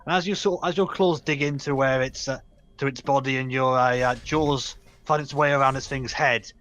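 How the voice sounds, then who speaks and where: A man's voice: medium pitch, steady tone, moderate pace, fairly bright tone. A man running a tabletop game as game master, teasing players and narrating combat vividly.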